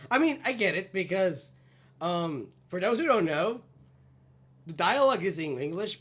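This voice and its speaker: A woman's voice: a bass voice, slight background noise. A woman doing casual let's play commentary on a game, joking around and swearing freely. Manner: animated, jokey, swears freely. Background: game music.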